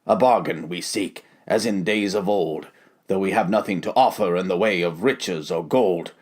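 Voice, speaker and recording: A man playing an older grandfather leading travelers in a fantasy audio drama, speaking in measured, solemn rhyme. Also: low voice. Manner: measured, solemn, rhyming speech. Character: old grandfather, wise elder traveler.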